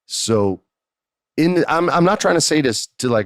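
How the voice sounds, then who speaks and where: A man hosting a podcast, telling a story casually, animated and profane, jumping up high in pitch for emphasis. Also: unhurried, no room sound, clean studio sound. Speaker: podcast host.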